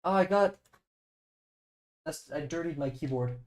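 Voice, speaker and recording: A young adult man with a fairly high, unhurried voice streams live while drawing. He chats casually and rambles, filling his talk with fillers and muttering to himself as he sketches.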